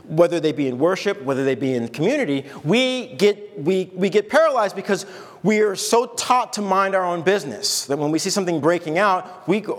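High-voiced pastor, chatty and conversational. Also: male voice, in a large hall. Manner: conversational, with restarts and acted asides. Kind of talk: sermon. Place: church.

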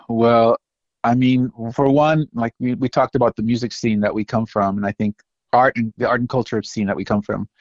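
A man, a musician guest, telling lively anecdotes in casual interview talk, full of "like" and "you know". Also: lowish voice, no room sound, lo-fi sound. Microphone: phone line.

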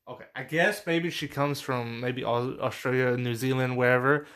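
A man's voice: medium pitch, steady tone, normal speed, fairly bright tone. A man co-hosting a podcast, giving short, blunt opinions in a casual film chat. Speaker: podcast co-host.

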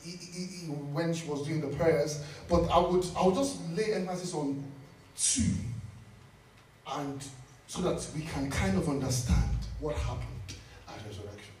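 A man's voice: a little high, a little slow, faint music behind. A man preaching a sermon in a church, repeating key lines for emphasis and laughing as he talks. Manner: animated, repeats phrases for emphasis, laughs while speaking. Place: church hall. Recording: echoey church from a distant mic.

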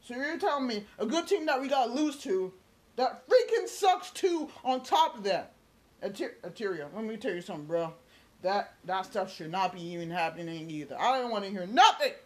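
A woman's voice: mid-range voice, lively intonation, normal speed, darkish tone. A woman sports vlogger doing an angry fan rant, heated and cursing, repeating herself and firing questions at her viewers in slangy talk.

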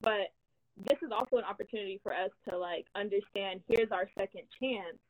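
A woman's voice: medium pitch, fairly quick, no echo, low-quality recording. Chatty young woman, dry sound. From United States. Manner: chatty storyteller, many "like"s and "um"s. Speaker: host. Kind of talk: casual live-stream chat.

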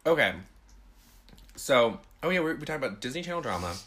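A woman with an unusually deep, low-pitched voice talks through a meal on a podcast. Her pitch swings widely, and her delivery is goofy, theatrical and sprinkled with swearing. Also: sing-song, brisk, fairly bright tone. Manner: playful, dramatic, loopy, swearing. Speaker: podcast co-host. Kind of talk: casual chat while eating.

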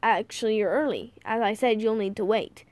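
A woman reading an audiobook, voicing a grumpy, sarcastic thirteen-year-old boy who speaks flatly and tiredly. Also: a little high, a little fast, no echo, lightly acted. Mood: sullen. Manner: flat, tired, sardonic.

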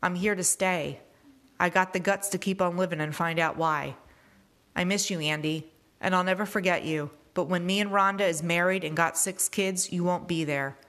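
A woman's voice: fairly low pitch, fairly even intonation, moderate pace, a bit bright, close to an everyday voice. Tyrone, a woman reading as a blunt grieving teen boy. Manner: plain, casual slang-laden speech. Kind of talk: reading a novel aloud.

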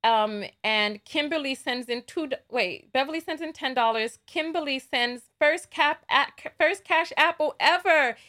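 A woman's voice: sits high, unhurried, few pauses, bright, forceful tone. A woman with a New York accent hosting a livestream talk show, chatty and sassy, reading out viewer donations and laughing often.

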